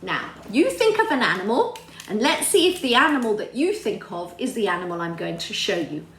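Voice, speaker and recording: A woman telling a story lesson to young children, animated and sing-song, often quizzing her listeners. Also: medium pitch, fairly quick, echoey room, slight background noise, poor audio. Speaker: children's religious teacher.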